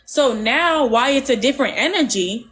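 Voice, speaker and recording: A woman hosting a livestream, talking casually in a rambling, halting way with lots of fillers. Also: sits high, poor audio. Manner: says she talks with her hands, animated. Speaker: livestream host.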